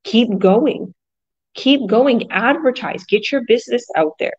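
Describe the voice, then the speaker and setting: A woman's voice: fairly high pitch, unhurried, breathy edge, no echo, lo-fi sound. A woman business coach talking energetically in a casual group chat, rambling with fillers and restarts. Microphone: video call.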